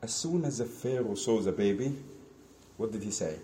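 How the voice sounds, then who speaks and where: A man's voice: lowish voice, animated, moderate pace, dark tone, slight background noise. Man telling a scripture story in an echoey room. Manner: asks the listeners questions, acts out quotes. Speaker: teacher. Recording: echoey room with faint ambience.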